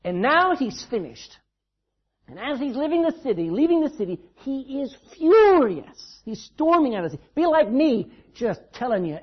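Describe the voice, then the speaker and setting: A man's voice: very high-pitched, very animated, normal speed, breathy edge, dull audio. A man preaching a sermon in a church, telling the story dramatically and with emphasis. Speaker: pastor.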